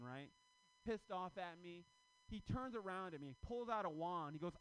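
Animated stand-up man in his thirties. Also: high voice, a little fast, clean tone, rough recording. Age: 30s. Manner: loud, animated storytelling with shouted acted-out quotes. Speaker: stand-up comedian. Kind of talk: stand-up set.

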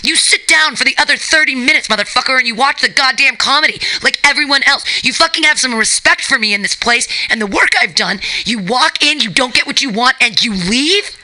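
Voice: sits high, brisk, few pauses, sharp tone, low-quality recording. A radio host and comedy organizer ranting angrily with heated, emphatic swearing. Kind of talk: profane angry rant.

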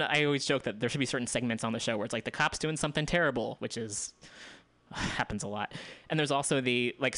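A man's voice: medium pitch, fairly bright tone, dry recording. A man hosting a community radio show, running through news items in a loose, casual way, with asides and restarts. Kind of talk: casual news roundup and commentary.

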